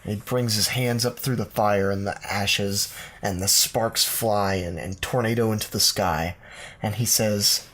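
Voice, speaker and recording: Man, low voice, podcast co-host, improvised story narration, playful, halting. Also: steady tone, a bit bright. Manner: playful, halting with many fillers.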